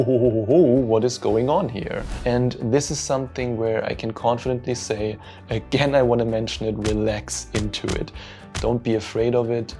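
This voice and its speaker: A man's voice: medium pitch, dark tone. A man who coaches people spiritually, telling an earnest, openly emotional personal story straight to camera.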